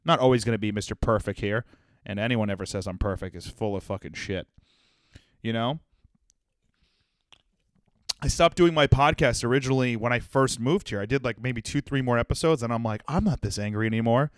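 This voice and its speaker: Young male comedy podcast host, smooth voice, dry close mic, profane and self-deprecating. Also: mid-range voice, brisk, pauses often, no echo. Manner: profane, self-deprecating, swings between jokes and sincerity. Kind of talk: solo comedic monologue.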